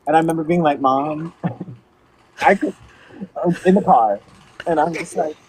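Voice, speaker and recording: A young man chatting casually in an interview, telling lively stories and acting out the people in them. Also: a little high, measured pace, breathy edge, poor audio. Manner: animated storytelling, acts out quotes. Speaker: guest narrator. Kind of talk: casual chat.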